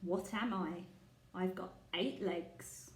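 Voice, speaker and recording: A woman's voice: fairly low pitch, slow pace. A woman leading a guessing game for young children, speaking patiently and asking the listener questions. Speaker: children's teacher. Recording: echoey room.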